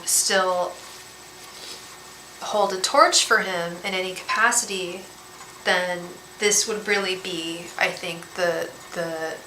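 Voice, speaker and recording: Emotional woman giving a live tarot reading. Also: lowish voice. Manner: gentle, emotional, repeats and restarts often. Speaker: tarot reader and psychic medium. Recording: echoey room with faint background hiss.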